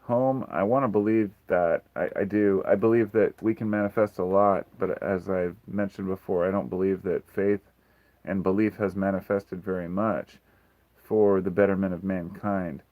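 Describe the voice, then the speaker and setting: Low-voiced male streamer with a dry close sound, frank and rambling, swears freely. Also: steady tone, normal speed, dry recording, phone-quality sound. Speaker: livestream host. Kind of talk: casual livestream Q&A chat.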